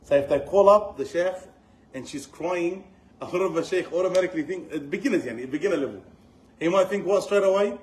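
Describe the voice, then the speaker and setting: A middle-aged man giving a religious lesson, telling stories in an animated way and mixing in Arabic phrases. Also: sits high, fairly quick, slight background noise, low-quality recording. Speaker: Islamic teacher.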